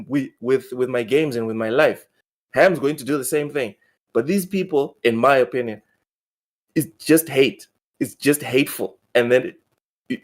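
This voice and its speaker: A man hosting a gaming podcast, talking casually in a mid-range voice. He restarts and repeats words as he goes. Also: mid-range voice. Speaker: podcast host.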